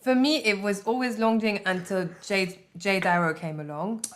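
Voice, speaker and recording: A woman's voice: mid-range voice, moderate pace. A woman co-hosting a casual live stream who laughs often and gushes about the flavours of the teas. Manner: giggly, enthusiastic tasting comments. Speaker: tea stream co-host.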